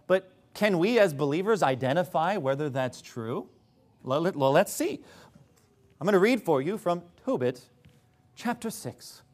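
A man's voice: medium pitch, expressive, brisk. A man preaching a sermon in an emphatic, sarcastic way.

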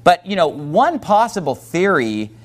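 Pastor, male, high voice, emphatic sermon delivery that keeps questioning the room. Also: sing-song, unhurried.

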